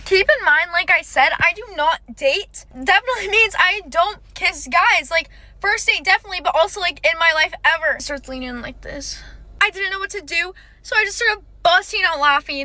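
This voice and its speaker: A young woman telling a first-date story, animated and dramatic, often breaking into laughs. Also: very high-pitched. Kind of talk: casual storytime.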